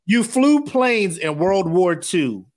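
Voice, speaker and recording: Animated, profane man co-hosting a podcast. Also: sits high, slow. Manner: animated, profane, acts out characters' lines. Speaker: podcast co-host. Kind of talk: casual movie review chat.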